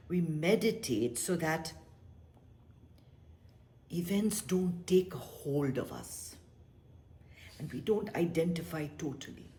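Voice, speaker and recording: A woman meditation teacher speaks slowly in a low voice. She is gentle and reflective, and sometimes drops into a whisper. Her talk is unhurried and spiritual. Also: expressive.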